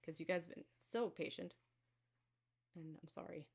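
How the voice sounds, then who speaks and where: A woman's voice: lowish voice, moderate pace, vocal fry, breathy edge. A woman hosting a live stream of card and pendulum readings, talking casually to viewers in a rambling way with many fillers and restarts.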